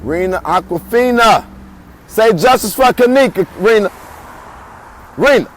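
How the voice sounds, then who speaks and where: A man's voice: high-pitched, expressive, a little slow, pauses often, low-quality recording. A man giving a livestreamed protest speech outdoors into a phone, chanting and rallying.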